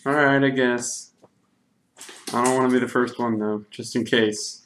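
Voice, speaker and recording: A woman's voice: rumbling low, fairly even intonation, a little slow. A woman playing a tabletop game, giggling and teasing her friends in casual banter. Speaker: player. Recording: recording with clear background noise.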